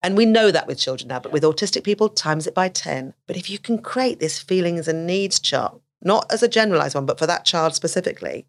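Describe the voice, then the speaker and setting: Brief: middle-aged woman, deep voice, lively explainer who acts out quotes. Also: brisk, few pauses. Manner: animated, acts out quoted speech. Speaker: autism specialist guest. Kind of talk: conversational advice interview.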